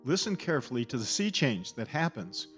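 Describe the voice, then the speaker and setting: Male Bible teacher, mid-pitched, deliberate scripted delivery, soft music underneath. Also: sing-song. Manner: measured, deliberate, stresses key words.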